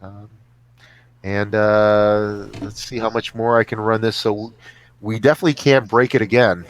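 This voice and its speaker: A man's voice: on the low side, steady tone, moderate pace. A man chatting casually as a podcast guest over a remote call, rambling and joking with frequent laughs. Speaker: guest actor.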